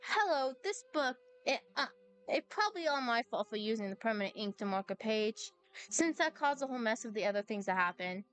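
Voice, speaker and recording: A woman reading the lines of an excitable young male architect aloud while playing a game, flustered and dramatic. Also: a little high, fairly quick, clean tone, faint music behind.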